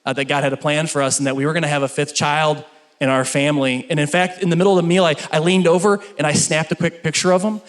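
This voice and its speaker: Middle-aged stand-up comedian from Kentucky, fairly high. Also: male voice, fast. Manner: storytelling, animated punchlines. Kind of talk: stand-up routine, then interview. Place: stage before a live audience.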